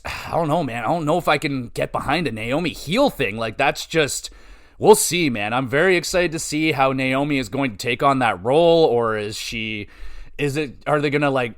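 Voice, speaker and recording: A man hosting a podcast, giving a casual solo wrestling review, profane, rambling and excitable. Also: mid-range voice, moderate pace. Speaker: podcast host.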